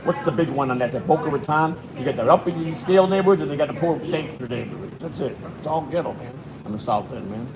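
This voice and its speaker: A man from Chicago, a guest, telling stories fast and swearing often. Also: a little high, crowd noise, rough recording. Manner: fast, profane storytelling. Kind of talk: casual chat.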